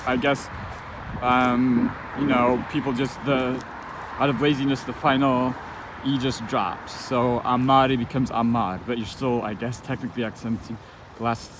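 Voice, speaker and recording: A man's voice: medium pitch, level tone. Man teaching casually over traffic noise. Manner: thinking aloud, halting with many restarts and fillers. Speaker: language teacher. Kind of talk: informal spoken lesson.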